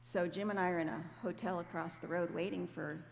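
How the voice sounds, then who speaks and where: A woman's voice: fairly low pitch, steady tone, brisk, gravelly. A woman giving a personal testimony at church in a conversational storytelling way, acting out the voices she quotes. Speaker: church speaker. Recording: echoey hall, faint noise.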